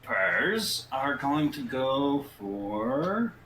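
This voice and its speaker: A man's voice: medium pitch, sing-song, extremely slow, a bit bright, reverberant, a little hiss or hum, rough recording. A man narrating a tabletop game as game master, describing the action dramatically.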